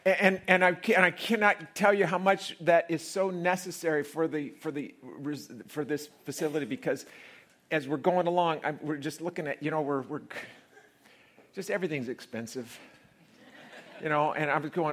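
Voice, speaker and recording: A male pastor delivering a sermon to his congregation in church. He talks in an animated, conversational way, dropping low for asides and climbing high and loud at the peaks. Laughter comes easily between points. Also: moderate pace. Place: church before a live congregation.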